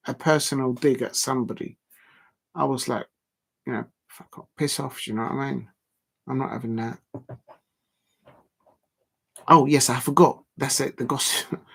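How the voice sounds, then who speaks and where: A man's voice: mid-range voice, vocal fry. A man, hosting a casual live stream, talking in a rambling, blunt way with many ums and restarts. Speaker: livestream host.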